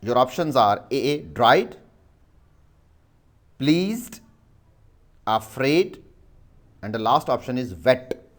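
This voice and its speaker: A man's voice: medium pitch, big pitch swings, very slow, pauses often. A male teacher with a Pakistani English accent, dictating a vocabulary exercise and spelling words letter by letter.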